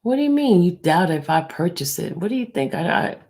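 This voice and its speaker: A woman hosting a livestream, speaking low and hushed, near a whisper, and answering her viewers in a blunt, defensive way. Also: big pitch swings, a little fast. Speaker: livestream host. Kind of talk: livestream talk answering the chat.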